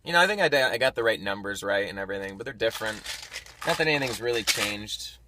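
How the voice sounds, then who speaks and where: This man's voice is fairly low, fast, and sharp, with lively intonation and slight background noise. He's a vlogger on the road, using his camera mic to record a casual video diary in which he talks frankly about his week, vents anger with swearing, and keeps restarting his sentences.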